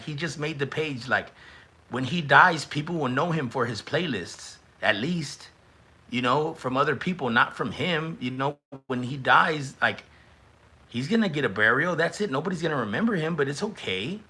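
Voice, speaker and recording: A young man hosting a live stream, teasing and reacting in a loose, excitable way. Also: medium pitch, normal speed, slightly rough. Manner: excitable, teasing, shouts and stretches words at big moments. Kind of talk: casual live-stream commentary.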